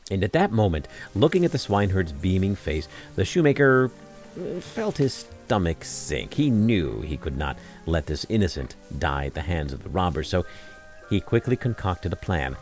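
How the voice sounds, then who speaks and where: A man narrating a fairy tale in an expressive storytelling style, with wry asides. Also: low-pitched, moderate pace, faint music behind.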